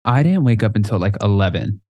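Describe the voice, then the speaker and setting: A man co-hosting a podcast in casual chat, telling lively stories and acting out other people's lines. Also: on the low side, a little fast, no echo, highs cut off. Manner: animated storyteller, acts out quotes. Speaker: podcast co-host.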